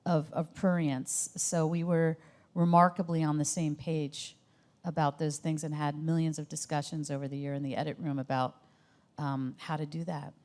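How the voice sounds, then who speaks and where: Woman, director being interviewed; low, warm voice; reflective and halting delivery. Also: little pitch movement. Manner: thoughtful, hesitant with many fillers. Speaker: documentary director. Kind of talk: interview conversation.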